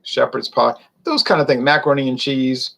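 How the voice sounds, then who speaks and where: A man's voice: mid-range voice, a little fast, vocal fry, a bit bright, rough recording. A man, chatting loosely and rambling through a casual beer review. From Louisiana. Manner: rambling, chatty, wanders off topic.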